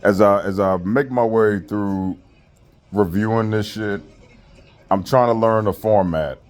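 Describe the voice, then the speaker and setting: A man's voice: on the low side, unhurried. A man giving a profane, mocking rant while reviewing a wrestling show. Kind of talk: casual rant.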